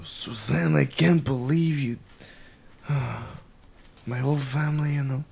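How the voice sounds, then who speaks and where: A man's voice: mid-range voice, slow, creaky, a little mellow, a little hiss or hum, pitched above the performer's own voice. A man voicing a wounded, grieving anthropomorphic egg in a raised, reproachful voice. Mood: hurt.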